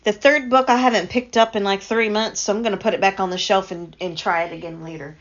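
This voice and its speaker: A middle-aged woman hosting a casual live stream, chatty and quick to laugh as she talks to her chat. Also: mid-range voice, steady tone. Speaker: livestream host. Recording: dull lo-fi stream audio.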